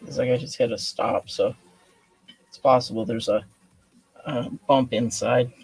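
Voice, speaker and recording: A man's voice: medium pitch, fairly even intonation, unhurried, vocal fry, darkish tone, breathy edge. A man casually thinking aloud while assembling a kit, muttering to himself with self-deprecating asides. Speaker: kit builder streaming a build.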